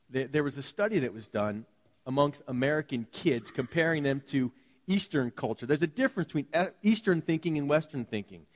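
Animated guy preaching a sermon, acts out the voices in his stories, kinda high voice, big church echo. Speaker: pastor. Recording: long hall reverb.

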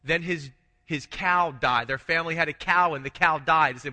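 A man pastor delivers a sermon in a talky, questioning way. His voice sits high and sounds sharp and bright. A long reverb from the church hall follows each phrase. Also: moderate pace. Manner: conversational preaching, frequent restarts, rhetorical questions.

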